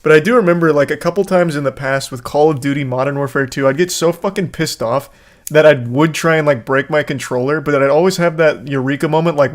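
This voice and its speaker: Man, somewhat higher voice, reacting to a clip, rambling and swearing casually. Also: quick pace. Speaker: streamer reacting to a video. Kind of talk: casual commentary.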